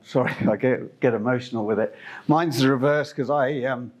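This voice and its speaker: Middle-aged guy from zimbabwe doing a conference talk, rambly, lots of uhs and restarts, medium pitch. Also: normal speed, darkish tone. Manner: chatty and meandering, with many fillers and restarts. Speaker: company presenter. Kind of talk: conference presentation.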